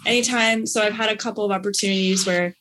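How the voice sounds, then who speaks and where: A woman telling a personal story in casual chat, gushing and animated, acting out what people said. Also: mid-range voice, fast, slight background noise. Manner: bubbly, gushing, acts out quotes with big excited outbursts.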